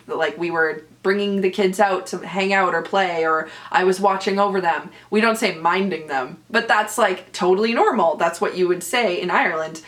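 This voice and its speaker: Chatty Canadian woman hosting a podcast. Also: lowish voice. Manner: chatty, animated, self-deprecating, many fillers. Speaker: podcast host and stage actress. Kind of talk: casual solo chat.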